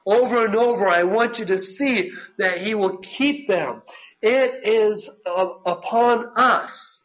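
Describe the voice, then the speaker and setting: A male preacher with a high voice delivers a sermon at an unhurried pace, earnest and plainspoken. The recording sounds dull and lo-fi. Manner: earnest, reads scripture aloud, self-corrects.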